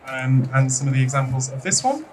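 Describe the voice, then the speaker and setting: A man's voice: mid-range voice, big pitch swings, brisk, distant mic, noisy background. Chatty British man teaching a class. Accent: British English. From Britain. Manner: chatty, hesitant with frequent ums, playfully teasing. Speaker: English teacher. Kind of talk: classroom lesson.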